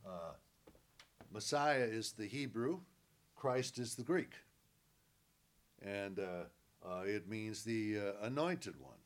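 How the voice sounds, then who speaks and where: A man's voice: lowish voice, animated, slow pace, long pauses. A man teaching from the Bible, stressing key words by repeating them and answering his own questions.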